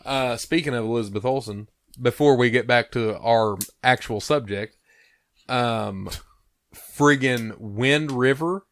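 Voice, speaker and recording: A young man co-hosting a podcast in casual chat, emphatic and opinionated, with drawn-out hesitations. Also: mid-range voice, fairly bright tone, no echo. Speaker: podcast co-host.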